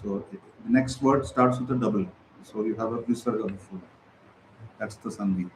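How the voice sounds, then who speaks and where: Man leading a scripture class. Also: on the low side. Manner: recites each word slowly for the hall to repeat. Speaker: class speaker. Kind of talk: scripture class with call-and-response. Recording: echoey hall, faint hiss.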